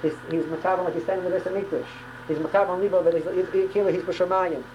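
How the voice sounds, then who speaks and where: A woman's voice: fairly low pitch, fairly even intonation, fast, dull audio, a little hiss or hum. A woman teaching a religious class on prayer, talking emphatically and often repeating words and restarting phrases. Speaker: Torah teacher.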